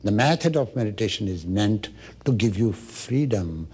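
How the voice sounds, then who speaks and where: A man, a spiritual teacher giving an unhurried, instructive meditation talk. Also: fairly low pitch, lively intonation, slightly rough. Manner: unhurried, instructive, with soft asides.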